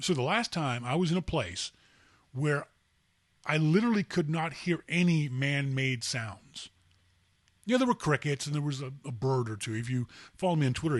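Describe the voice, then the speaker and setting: A man's voice: on the high side, fairly bright tone, dry recording, studio quality. A Canadian man hosting a podcast, talking in a rambling, chatty way and correcting himself often. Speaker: podcast host. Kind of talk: casual podcast talk.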